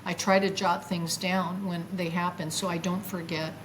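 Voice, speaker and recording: An older woman, a guest, tells her own story with feeling and acts out her past words in a lively voice. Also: on the low side, normal speed, slight background noise, low-quality recording. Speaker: guest recounting a near-death experience. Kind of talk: emotional first-person storytelling.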